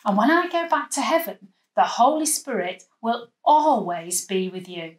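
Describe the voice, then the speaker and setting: A woman voicing Jesus in a children's story, speaking gently and reassuringly. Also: a little high, lively intonation, normal speed, echoey room, lightly acted. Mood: gentle.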